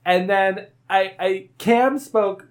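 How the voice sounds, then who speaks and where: A woman's voice: medium pitch, slow pace. Chatty, laughing woman podcast host. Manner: laughing, rambling, animated. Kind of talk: casual chat with friends.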